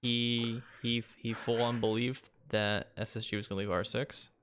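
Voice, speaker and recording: A man's voice: mid-range voice, little pitch movement, moderate pace, a bit bright, smooth. A man co-hosting an esports podcast, talking in a laid-back way with lots of ums and easy laughs. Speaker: podcast co-host. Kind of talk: casual esports podcast chat.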